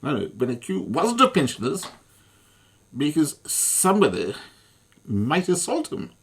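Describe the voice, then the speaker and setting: A man's voice: fairly high pitch, wildly swooping pitch, unhurried, slightly rough. A man delivering an angry, swearing monologue as an online commentator, furious and repetitive.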